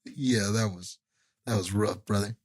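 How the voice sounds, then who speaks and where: A man's voice: on the low side, a little slow, a little mellow, husky. A man co-hosting a movie podcast in casual chat, laughing and teasing his co-host. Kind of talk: casual late-night chat.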